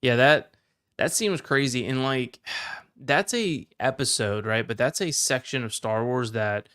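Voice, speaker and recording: A man's voice: mid-range voice, a little slow. A man who is a podcast guest, chatting casually and getting passionate as he talks. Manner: passionate, gets excited. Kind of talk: casual chat.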